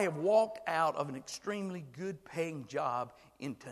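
An older man preaching a sermon with passion, swinging from hushed words to shouts. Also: on the high side, lively intonation, unhurried, long reverb tail.

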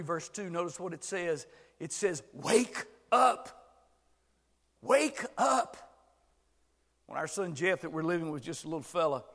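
An older man preaching a sermon with passion, swinging from hushed words to shouts. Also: sits high, in a large hall.

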